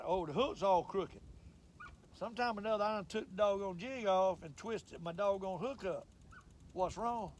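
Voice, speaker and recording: A man's voice: high voice, a little hiss or hum. An older man, talking in a folksy, rambling way while he fishes from a boat on a lake. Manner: folksy, rambling, drawling country talk. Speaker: fishing show host. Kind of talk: casual fishing vlog monologue.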